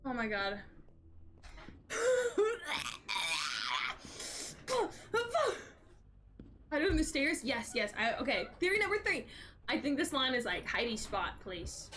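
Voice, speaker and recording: A woman's voice: on the high side, lively intonation, fairly quick, hardly any pauses, sharp tone, a little hiss or hum. A young woman streaming a horror game, cursing and talking back at the monster chasing her. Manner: jumpy, swearing, talks back at the game. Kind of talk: live gameplay commentary. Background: faint game music.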